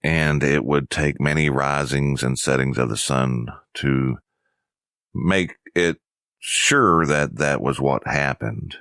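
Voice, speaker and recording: A man with an extremely deep, low voice narrates a history lesson in a measured, somber way. The sound is close and dry. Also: a bit bright, clean tone, no room sound.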